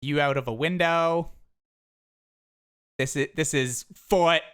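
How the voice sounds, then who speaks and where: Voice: mid-range voice, slow, clean tone. A streamer chatting casually from a home office, rambling with frequent restarts while showing photos of a new home. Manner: rambling, with restarts and animated quips. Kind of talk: casual live-stream chat.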